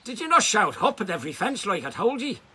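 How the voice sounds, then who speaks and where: A man voicing an excitable male farmer from the west of Ireland, loud and insistent, with a west-of-Ireland accent. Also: high-pitched, quick pace, breathy edge, pitched above the performer's own voice, exaggerated voice. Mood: insistent, exasperated.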